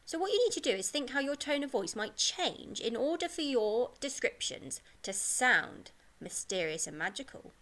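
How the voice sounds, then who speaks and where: A woman teacher giving a pre-recorded lesson to young pupils, speaking in a bright, encouraging way. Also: a little high, very animated, moderate pace, few pauses. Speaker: primary school teacher.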